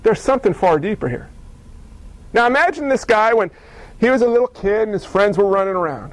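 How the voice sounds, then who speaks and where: A male pastor delivers his sermon with a strikingly high voice. He preaches in an animated way and acts out the people in his stories. The sound is dry and close. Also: brisk, no room sound, low-quality recording.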